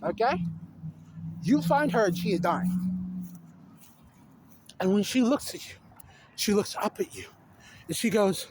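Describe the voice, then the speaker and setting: Guy with a high voice ranting about a movie into his phone, lots of likes and restarts, faint hiss behind. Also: big pitch swings, measured pace, long pauses, rough recording. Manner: rambling, exasperated, lots of fillers and restarts. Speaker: video essayist. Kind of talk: casual film rant. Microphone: phone camera.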